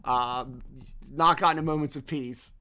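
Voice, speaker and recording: A man's voice: fairly high pitch, fairly even intonation, normal speed, pushed and bright, clear, resonant tone. A man narrating as game master in a tabletop game, in a loose, rambling manner full of fillers.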